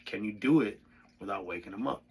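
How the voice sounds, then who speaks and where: A man giving a casual drumming lesson, talking through a soft-playing exercise with sudden loud, excited bursts between quieter asides. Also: lowish voice, brisk, noisy background. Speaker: drum instructor.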